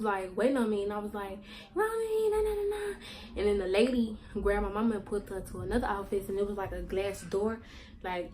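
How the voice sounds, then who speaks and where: A woman's voice: mid-range voice, darkish tone, slight background noise, poor audio. Slangy woman telling a personal story. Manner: candid, slangy, sometimes swearing for emphasis; halting, with many fillers and repetitions. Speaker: vlogger.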